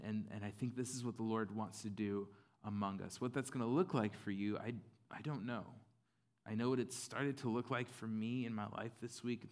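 Casual, conversational male pastor. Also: on the low side. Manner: casual, conversational preaching with fillers and playful acted-out voices. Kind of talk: sermon.

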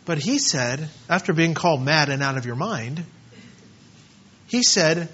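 A man preaching a sermon with passion, now and then mimicking doubters in quick asides. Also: fairly high pitch, animated, a bit bright, husky, muffled recording.

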